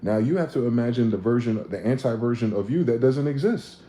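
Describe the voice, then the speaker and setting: A man casually riffing on a livestream, profane and animated, acting out both sides of conversations. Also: medium pitch, a little fast. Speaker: livestream host. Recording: echoey room with faint ambient noise.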